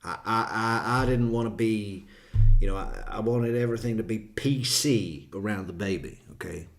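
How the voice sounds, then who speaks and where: Low-voiced guy doing true crime commentary, jokey, laughs a lot, stumbles over his words. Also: normal speed, soft background music. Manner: joking, laughs often, stammers and repeats words. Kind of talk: casual commentary.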